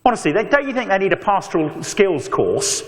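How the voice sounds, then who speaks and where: Animated preacher in a big hall. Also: male voice, sits high, a little fast. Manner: animated storytelling with mock voices and asides. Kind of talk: evangelistic talk to students. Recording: long echo of a large hall.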